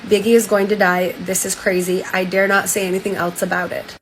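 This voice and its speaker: A woman's voice: fairly quick, poor audio. Young woman streamer, chatty, reads quotes aloud, light hiss behind. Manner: retells quotes in a flat, lowered voice, casual filler "like". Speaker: streamer reading a diary aloud. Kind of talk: casual reaction chat, retelling a story.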